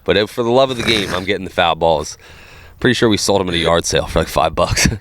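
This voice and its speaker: A man's voice: low-pitched, quick pace, fairly bright tone, no echo. A young man co-hosting a casual podcast, telling a rambling, crude, self-mocking story. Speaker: podcast co-host. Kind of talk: casual chat.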